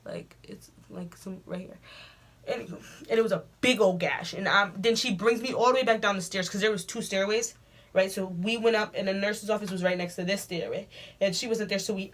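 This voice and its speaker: A woman recounting a story for her vlog with lively, dramatic emphasis and frequent offhand asides. She talks into a camera mic at home, casual and expressive. Her pitch sits in a typical middle range for a woman. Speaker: vlogger.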